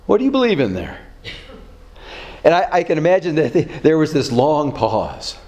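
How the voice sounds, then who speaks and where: A man delivers a sermon in a storyteller's way, acting out the people in his tale and laughing along the way. His voice sits a bit high and swings widely in pitch. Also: normal speed. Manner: storytelling with animated voices and chuckles. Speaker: pastor.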